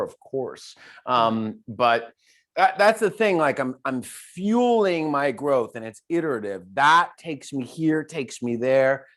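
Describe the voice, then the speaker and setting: A male keynote speaker being interviewed over a video call. He talks in an animated, storytelling way, repeating words and restarting sentences as he goes. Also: fairly high pitch. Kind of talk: casual conversational interview.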